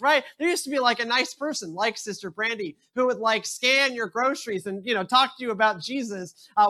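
Bright-voiced young preacher. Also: mid-range voice. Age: young adult. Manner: conversational, storytelling preaching with asides; measured, solemn reading. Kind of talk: scripture reading then sermon.

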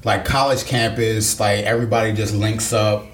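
A man's voice: fairly low pitch, steady tone, normal speed. A man co-hosting a casual podcast, crude and teasing, laughing often and calling people "bro". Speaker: podcast co-host. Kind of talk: casual chat. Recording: echoey room with faint noise.

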